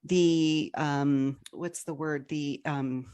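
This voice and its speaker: A woman's voice: low-pitched, fairly even intonation, very slow, warm tone, smooth, no echo. A woman podcast host interviewing a guest, reading figures aloud hesitantly with many fillers.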